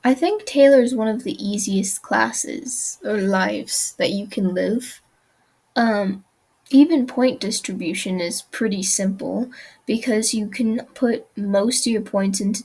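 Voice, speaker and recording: A woman's voice: mid-range voice, measured pace, darkish tone, breathy edge. A woman giving casual gameplay commentary, hesitant, with fillers and trailing off. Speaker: game player.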